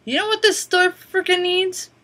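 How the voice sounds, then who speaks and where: A woman's voice: very high-pitched, fairly even intonation, moderate pace, bright, forceful tone, pitched above the performer's own voice. A woman putting on the voice of a short, round woman in her eighties who is brutally honest and swears freely. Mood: blunt, cranky. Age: 80s. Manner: brutally honest, cranky, crude. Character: brash tiny old woman customer, blunt and swearing.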